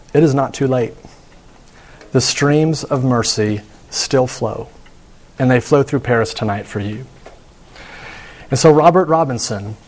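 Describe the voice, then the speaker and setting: A man preaching a sermon in an earnest storytelling manner, slowing down for emphasis and closing in prayer. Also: on the high side. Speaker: pastor.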